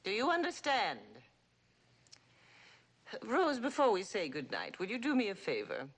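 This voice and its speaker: A woman's voice: a little high, wildly swooping pitch, unhurried, a bit bright, husky, heavily acted. An actress playing a domineering, dying wealthy old mother in a 1960s TV drama, with a cutting, theatrical manner. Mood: insistent. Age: older.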